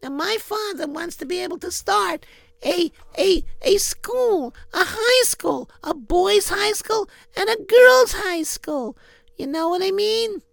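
A man's voice: very high voice, lively intonation, takes it slowly, vocal fry, a bit bright, no room sound, pitched above the performer's own voice, full character voice. A man voicing a young girl who earnestly explains her family's wishes.

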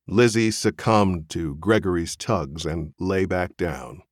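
A man narrating a literary novel as an audiobook reader, in a measured, expressive storytelling manner. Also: deep voice, dry recording, clean studio sound.

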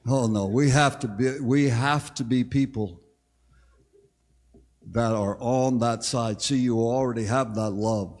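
An older man preaching an impassioned sermon to a conference crowd, with drawn-out exclamations. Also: mid-range voice, darkish tone. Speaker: pastor. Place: large conference hall. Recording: long hall reverb.

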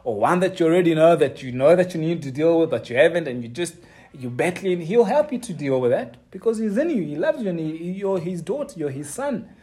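A man preaching a sermon, earnest and halting, with many restarts and fillers. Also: a little high, lively intonation, mellow.

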